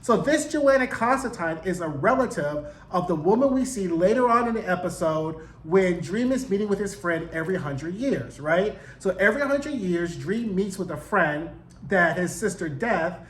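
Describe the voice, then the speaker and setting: A man's voice: high voice, normal speed, slight background noise. Slangy man recapping in an echoey room. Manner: slangy, animated retelling with profanity. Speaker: TV show reviewer. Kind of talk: casual recap and review.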